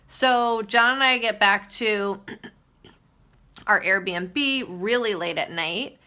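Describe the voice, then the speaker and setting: A woman's voice: fairly high pitch, slow pace, pushed and bright. A young woman telling a story in a casual livestream vlog, chatty and full of fillers. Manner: chatty, storytelling with many likes. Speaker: vlogger.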